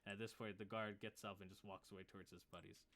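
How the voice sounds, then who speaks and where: A man's voice: fairly low pitch, level tone, fast, a bit bright. A man narrating as game master of a tabletop game, in a casual way with fillers.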